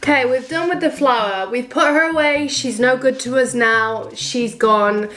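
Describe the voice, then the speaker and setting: A woman's voice: high voice, measured pace, a bit bright. Chatty young woman baking at home. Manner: rambling, self-mocking asides. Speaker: vlogger. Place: home kitchen.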